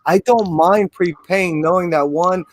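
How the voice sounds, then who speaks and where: A man's voice: high voice, a little slow. A man earnestly rambling to friends on a call, restarting his sentences often. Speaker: comic artist. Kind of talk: casual group video call chat.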